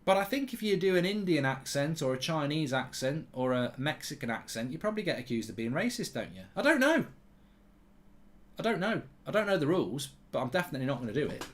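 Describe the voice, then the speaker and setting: A man's voice: a little high, very animated, quick pace, hardly any pauses. A man hosting a live football watchalong, chatting bluntly and reading out viewer comments. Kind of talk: casual live-stream chat and commentary.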